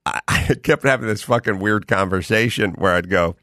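A man's voice: fairly low pitch, normal speed, bright, forceful tone, no room sound, studio quality. A man hosting a podcast, chatting casually and telling profane stories with acted-out quotes. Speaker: podcast host. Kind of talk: casual chat.

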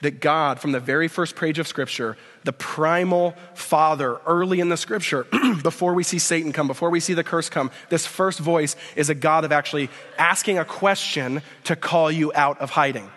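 Impassioned preacher in a big hall. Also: male voice, on the high side, moderate pace, hardly any pauses. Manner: impassioned, rhetorical questions, rising to emphatic peaks then quiet prayer. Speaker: speaker at a university chapel. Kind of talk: sermon. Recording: long hall reverb.

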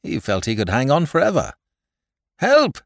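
Male narrator with a low voice and an animated read; dry, close recording. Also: moderate pace, dry recording. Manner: lively dramatic reading. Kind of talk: audiobook narration.

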